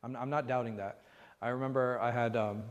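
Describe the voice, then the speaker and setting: A man's voice: mid-range voice, fairly even intonation, brisk, dull audio. A man, an imam, teaching a conversational religious class and often asking the room rhetorical questions. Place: mosque class hall. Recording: reverberant hall.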